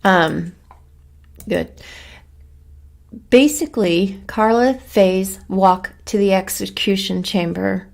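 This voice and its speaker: A woman hosts her own channel in a loose, chatty way, drifting between asides and her topic. Her voice has a gravelly, fry-heavy edge, and it sits at an ordinary middle pitch for a woman. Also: steady tone, takes it slowly, pauses often, a little mellow. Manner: chatty and rambling, fussing over her dog between topics. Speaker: true crime channel host. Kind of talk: casual chat to viewers.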